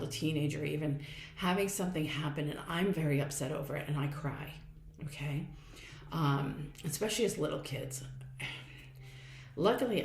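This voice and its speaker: A woman's voice: low voice, echoey room, a little hiss or hum. A middle-aged woman hosting a podcast, talking earnestly and casually about parenting with many fillers and repeats. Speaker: podcast host. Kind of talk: casual reflective monologue.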